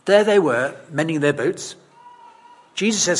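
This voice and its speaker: Husky-voiced conversational male preacher. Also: fairly high pitch, animated, measured pace. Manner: conversational, self-deprecating, emphatic. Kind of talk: sermon.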